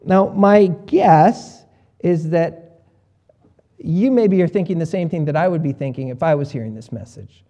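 A male pastor preaches in a relaxed, conversational way, with a high voice and a mellow tone. He often acts out what his listeners might say and moves between quiet asides and louder emphasis. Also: unhurried. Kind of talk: sermon.

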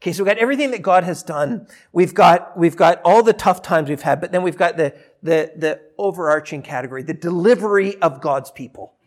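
Animated high-voiced male preacher. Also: brisk, few pauses. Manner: animated storytelling, acting out quoted dialogue; repeats and restarts phrases. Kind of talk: sermon.

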